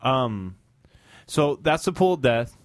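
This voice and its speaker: A man hosting a casual gaming podcast, talking in animated, excitable banter. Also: medium pitch, slow pace, no room sound, studio quality. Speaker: podcast host.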